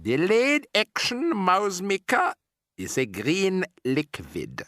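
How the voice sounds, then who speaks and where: A man voicing a shrill, gloating witch queen. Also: wildly swooping pitch, slow pace, no echo, exaggerated voice. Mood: scheming. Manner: shrill triumphant shouting, broken grammar. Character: gloating, ruthless female witch leader. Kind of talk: audiobook character voice.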